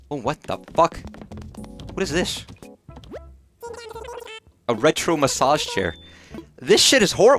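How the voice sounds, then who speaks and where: A man talking over his own gameplay in a loose, profane ramble, his pitch bouncing all over as he mock-rants at whoever crosses his path. Faint game music sits quietly behind him. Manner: profane, rambling, quick to rant at on-screen characters. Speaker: livestreamer. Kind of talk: casual gameplay commentary.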